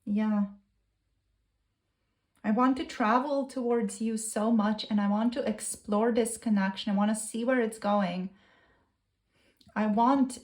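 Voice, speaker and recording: Woman tarot reader at a medium pitch, voicing a gushing, repetitive channeled love message. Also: darkish tone.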